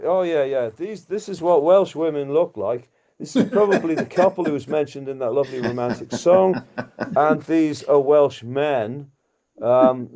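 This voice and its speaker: Chuckling English comic from Liverpool. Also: male voice, mid-range voice, mellow. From Liverpool, England. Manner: self-mocking, chuckling often, wandering off topic. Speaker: guest comedian. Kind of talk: rambling stand-up on a video call. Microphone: video call.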